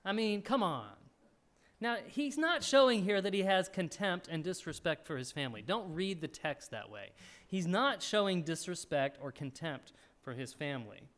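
A man preaching a sermon, teaching from scripture and reading the verses aloud in an expressive way. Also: sits high, normal speed. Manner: expressive preaching, reads scripture aloud, frequent throat clearing. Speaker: pastor.

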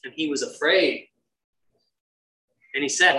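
A preacher teaching from scripture with a bright, forceful tone. The delivery is emphatic and insistent, hammering home key lines through repetition. Pitch sits in an ordinary middle range. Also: expressive, unhurried, slight background noise, rough recording. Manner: emphatic, repeats key phrases for stress. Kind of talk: sermon, Bible teaching.

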